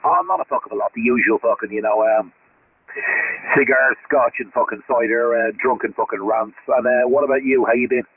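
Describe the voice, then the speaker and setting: A man's voice: mid-range voice, steady tone, brisk, slightly rough, phone-quality sound. An Australian man chatting casually over CB radio, rambling and swearing constantly. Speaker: CB radio operator. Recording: CB radio transmission with static.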